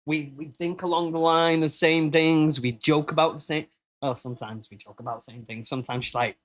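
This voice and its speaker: A man from the United Kingdom, speaking fairly quickly with fairly even intonation, hosts a casual live podcast. He jokes around, laughs, and sometimes quotes people in a silly high-pitched voice.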